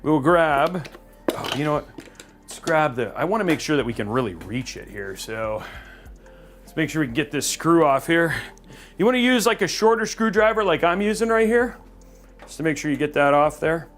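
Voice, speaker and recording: A man with a fairly high, sing-song voice hosts a live PC-building stream from a studio, speaking at a moderate pace with a slightly bright tone over faint background music. He chats casually and cheerfully, rambling along with plenty of filler words.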